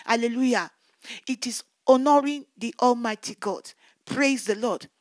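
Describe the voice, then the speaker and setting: Fervent high-voiced woman evangelist. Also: measured pace, dry recording, clean studio sound. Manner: fervent, repetitive, exclamatory. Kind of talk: testimony sermon.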